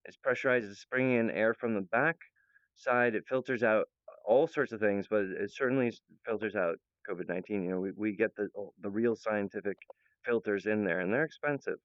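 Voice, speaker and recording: A man talking in an excitable, rambling improvised monologue, jumping between ideas and restarting his sentences. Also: lowish voice, fairly quick, no echo. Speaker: video creator. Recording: dull, lo-fi, dry sound.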